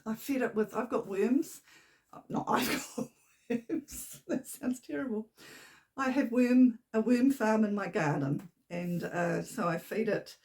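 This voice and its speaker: A woman with a mid-range, slightly mellow voice chats and rambles through her knitting podcast, her voice somewhat shaky. She is from New Zealand and records in a home room with a camera on a tripod.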